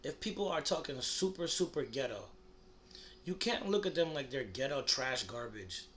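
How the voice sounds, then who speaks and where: A young American man, a comedy vlogger, rambles through a crude comedic monologue packed with fillers and restarts. His mid-range voice has lively intonation and a fairly bright tone at a normal speed, with slight background noise.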